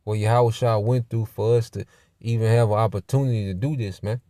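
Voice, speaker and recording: Man teaching a Bible lesson, conversational, warm mellow voice, low pitch. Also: fairly even intonation, brisk, no room sound, clean studio sound. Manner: conversational, many fillers like "man" and "you know".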